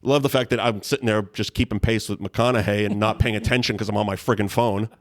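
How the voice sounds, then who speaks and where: A man's voice: on the low side, fairly even intonation, quick pace. A man, a guest telling long, rambling anecdotes in casual chat, full of restarts and laughs. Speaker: guest storyteller.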